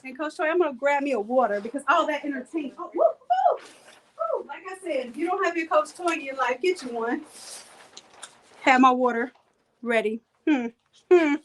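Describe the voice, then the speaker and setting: High-voiced woman instructor, joking chatty teacher for a live demo class. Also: brisk, fairly bright tone, slight background noise, rough recording. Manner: playful, chatty, joking with viewers. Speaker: design and printing instructor.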